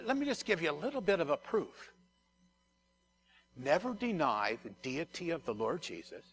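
A pastor preaches to his congregation in a loose, conversational way, doubling back on his words and speaking straight to the people in front of him. His man's voice sits a little high, with a gravelly edge and a bright, forceful tone, over a faint background noise. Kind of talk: sermon.

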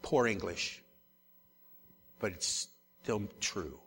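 A man's voice: on the low side, extremely slow, fairly bright tone, a little hiss or hum. A male pastor preaching a sermon, emphatic and repeating his key phrases, speaking familiarly to his congregation in a church. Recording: long echo of a large church hall.

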